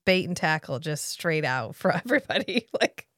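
A woman's voice: sits low, big pitch swings, a bit bright, no room sound, clean studio sound. A woman in her thirties co-hosting a podcast, adding wry, teasing comments in casual chat. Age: 30s. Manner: wry, quick interjections, teasing. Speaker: podcast co-host.

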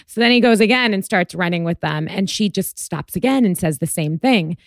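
Woman podcast host, lowish pitch, earnest storyteller, dry close recording. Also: animated, a little fast, no room sound. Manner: earnest, storytelling with many fillers. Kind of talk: conversational interview.

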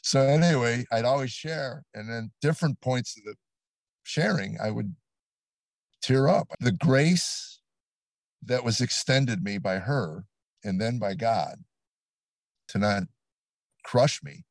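An older man, a comedian, telling stories in an interview, animated and acting out quotes. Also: medium pitch, takes it slowly, pauses often, no echo. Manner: animated storyteller, acts out quotes. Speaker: comedian guest. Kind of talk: storytelling interview. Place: studio set.

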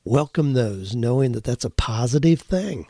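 A man's voice: mid-range voice, expressive, moderate pace, warm tone, dry recording, clean studio sound. An older man hosting an advice podcast, answering listeners in an earnest, folksy, encouraging way and telling stories along the way. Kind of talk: conversational advice with storytelling.

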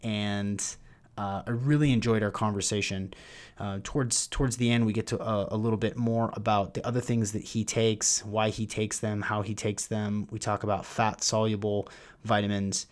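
Eager podcast host, lowish male voice. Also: little pitch movement, normal speed. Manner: enthusiastic, rambling with restarts. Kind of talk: podcast intro and ad read.

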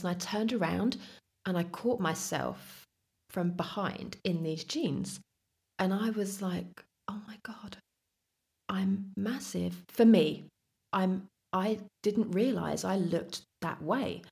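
A woman's voice: medium pitch, vocal fry. Chatty woman guest telling a story. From England. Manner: lively storytelling, acts out her own past words. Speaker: podcast guest. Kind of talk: casual interview chat.

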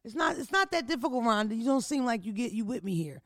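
A woman hosting a casual podcast chat, ranting loudly in a blunt, profane way. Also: on the high side, big pitch swings, fast, dry recording, clean studio sound. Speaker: podcast host. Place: indoor recording room.

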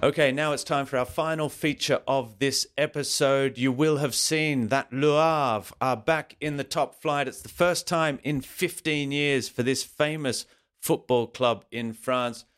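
A man's voice: mid-range voice, a little slow, fairly bright tone, smooth, soft background music. A man hosting a football podcast in a playful, jokey, promotional way. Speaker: podcast host.

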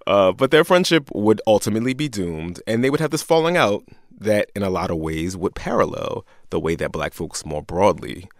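A man's voice: fairly low pitch, animated, moderate pace, dry recording, clean studio sound. A man co-hosting a podcast, telling a history story in a casual, jokey way and laughing often. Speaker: podcast co-host.

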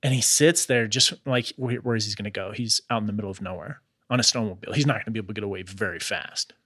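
A man's voice: fairly low pitch, fast talker, dry recording, clean studio sound. A man hosting a podcast, casually retelling a listener's story with slangy asides. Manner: relaxed retelling with slangy asides like "bro" and "dude". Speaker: podcast host.

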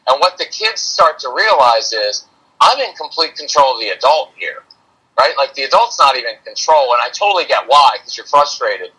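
A man talks through parenting ideas as a podcast guest, in an earnest, chatty way. His voice is bright and forward with a husky edge. Now and then he slips into quick impressions of frazzled parents. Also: mid-range voice, big pitch swings, poor audio. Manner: earnest, conversational, acts out parent and kid voices. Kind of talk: podcast conversation.

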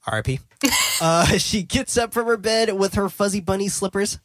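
Casual male podcast host, somewhat high voice, dry close sound, laughs a lot between lines. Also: normal speed, fairly bright tone, dry recording. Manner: laughs often, restarts phrases. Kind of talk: casual podcast recap, reading scene descriptions.

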